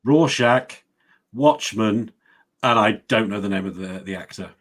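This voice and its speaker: A man's voice: on the low side, unhurried. A man co-hosting a casual podcast, eager and joking while guessing quiz answers. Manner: enthusiastic, guesses and jokes. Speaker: podcast co-host. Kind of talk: casual chat.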